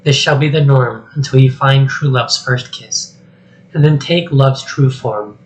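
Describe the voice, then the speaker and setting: A man voicing a cursed young princess while reading a script aloud, speaking softly and pleadingly. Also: medium pitch, measured pace, natural voice, poor audio. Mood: earnest. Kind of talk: solo script reading with voices.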